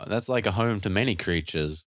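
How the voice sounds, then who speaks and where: A man's voice: fairly low pitch, dry recording, studio quality. A young man co-hosting a casual podcast, telling stories and cracking crude jokes. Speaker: podcast co-host. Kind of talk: casual chat.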